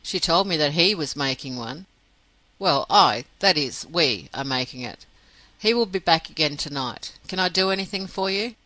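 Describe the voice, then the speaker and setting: A man reading the part of a proud, jealous young officer in an audiobook, speaking roughly and irritably. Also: fairly high pitch, animated, normal speed, sharp tone, no room sound, poor audio. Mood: irritable.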